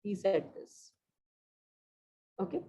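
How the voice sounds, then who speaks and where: A woman's voice: slow, dark tone, rough recording. A woman with an Indian English accent teaching a vocabulary class online, repeating key words and slipping into Hindi.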